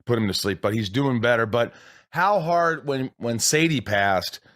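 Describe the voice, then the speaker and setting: A man's voice: medium pitch, lively intonation, moderate pace, fairly bright tone. A man hosting a podcast, asking earnest, blunt questions in casual conversation. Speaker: podcast host.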